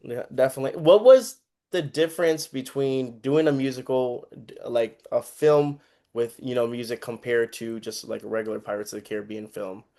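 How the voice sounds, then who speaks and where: A man's voice: mid-range voice, moderate pace, mellow. A man hosting an interview, asking questions with encouraging enthusiasm. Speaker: interviewer, host.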